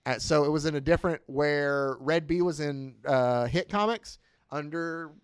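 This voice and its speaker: Male podcast co-host, a bit high, dry close sound, animated comic recapper. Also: moderate pace, smooth, no echo. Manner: animated, acting out lines from the comic. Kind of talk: casual chat retelling a comic.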